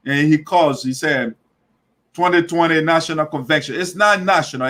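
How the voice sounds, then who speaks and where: High, bright-voiced man giving emphatic commentary. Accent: Liberian English. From Liberia. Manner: emphatic, repetitive, restarts mid-phrase. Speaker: show host. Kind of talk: political commentary monologue.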